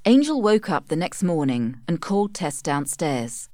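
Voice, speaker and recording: Woman narrator, low-set voice, measured audiobook reading, dry close recording. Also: big pitch swings, darkish tone, no echo.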